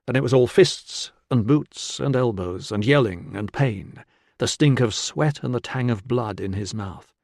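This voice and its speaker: A man reading an audiobook in a measured, steady scripted narration. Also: mid-range voice, vocal fry, no room sound, studio quality.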